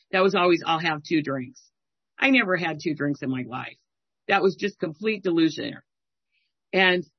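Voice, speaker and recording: A woman in her sixties telling a candid personal recovery story in a halting way, acting out the people she quotes. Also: low voice, husky, no room sound. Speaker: speaker sharing a recovery story. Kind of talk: personal testimony. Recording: dry, dull lo-fi sound.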